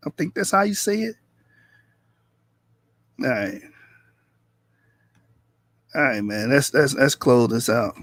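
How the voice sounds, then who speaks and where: A man's voice: mid-range voice, unhurried, pauses often, a bit bright, dry recording, studio quality. A man hosting a livestream debate in loose, casual talk, teasing viewers in the chat and laughing often. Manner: addresses viewers in the chat directly.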